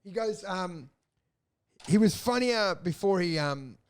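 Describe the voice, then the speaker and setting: A man's voice: sits high, expressive, takes it slowly, clear, resonant tone. A man, co-hosting a podcast in rambling, sweary casual chat. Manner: rambling, sweary, lots of filler words and laughs.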